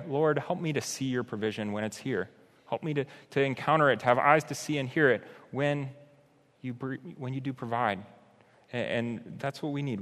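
A man's voice: medium pitch, big-room sound. A young adult man preaching a sermon as a pastor, earnest and grieving, his voice climbing in bursts of emotion.

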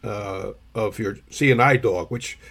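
Gravelly man telling rambling stories. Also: on the low side, unhurried, fairly bright tone. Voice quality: gravelly, husky. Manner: rambling anecdotes, frequent throat clearing. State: throat irritation. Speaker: podcast co-host. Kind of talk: casual storytelling chat.

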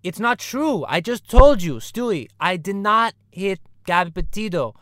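A man doing an impression of a stubborn male film director, repeating halting, flat denials. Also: sits high, dry recording. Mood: defensive. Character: male Tommy Wiseau impression, insistent denials.

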